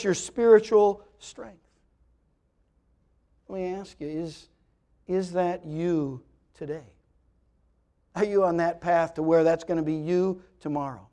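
A man's voice: a little high, dark tone. A man preaching a sermon to a church congregation, earnest and pleading, repeating words as he builds to emphatic peaks. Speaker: pastor. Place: church sanctuary, also live streamed.

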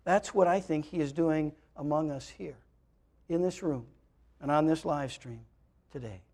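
High-voiced pastor preaching an earnest sermon. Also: male voice, unhurried, darkish tone. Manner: earnest, pleading, rising to emphatic peaks, repeats words. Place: church sanctuary, also live streamed.

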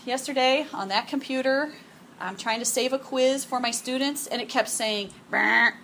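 A middle-aged woman giving a devotional talk to a group, animated and chatty, often acting out her own yelling and sprinkling in "okay" and "um". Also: high voice, moderate pace, a little hiss or hum. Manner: frequent "okay" and "um". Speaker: women's event speaker.

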